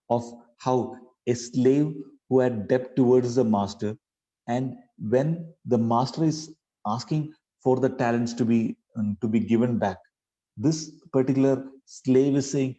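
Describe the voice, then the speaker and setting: A man's voice: medium pitch, warm tone, lo-fi sound. A man preaching a sermon, speaking earnestly and pleadingly to his listeners and often adding "you know" mid-sentence.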